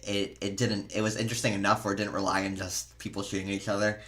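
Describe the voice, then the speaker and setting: Bright-voiced hesitant man reviewer. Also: fairly low pitch, level tone, fast talker. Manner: hesitant, lots of ums and likes. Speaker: movie reviewer. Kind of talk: casual review chat.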